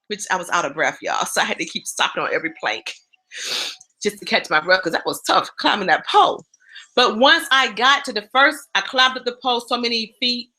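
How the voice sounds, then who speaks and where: Bright-voiced woman giving a motivational talk. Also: fairly high pitch, rough recording. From East Coast of the United States. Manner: animated storytelling, addresses listeners directly. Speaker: motivational speaker.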